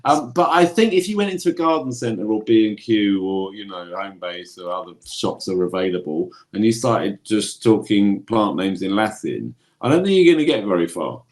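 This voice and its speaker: A man's voice: on the low side, very animated, moderate pace, few pauses, darkish tone. A middle-aged man co-hosting a gardening podcast, chatting casually in rambling, self-interrupting sentences. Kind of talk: casual chat.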